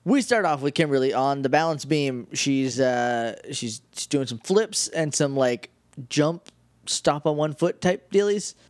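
A man's voice: mid-range voice, lively intonation, unhurried, no room sound. A man co-hosting a podcast, chatting casually and rambling through an episode recap. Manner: rambling, self-interrupting, quoting characters in a lazy offhand voice. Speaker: podcast co-host.

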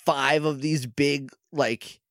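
This podcast co-host has a mid-range, fairly bright voice with fairly even intonation, and he speaks slowly in a dry, clean studio recording. Chatting casually, he recaps a show's episode and performs the characters' lines in playful voices.

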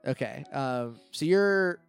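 A man's voice: mid-range voice, lively intonation, takes it slowly, gravelly, clean tone, soft background music. A man narrating as game master of a tabletop role-playing podcast, loose and chatty with lots of fillers.

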